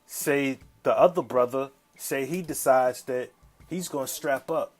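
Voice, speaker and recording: Podcast host, a man, mid-pitched. Casual, slangy, profane storyteller, with faint music behind. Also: measured pace. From south side of Chicago, USA. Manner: slangy, profane, checks in with listeners.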